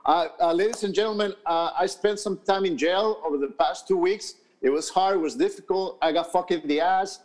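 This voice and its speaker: A man's voice: high voice, fairly quick, hardly any pauses. A man co-hosting a podcast in casual, profane chat, rambling with many fillers and restarts. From New York. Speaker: podcast co-host. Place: podcast studio.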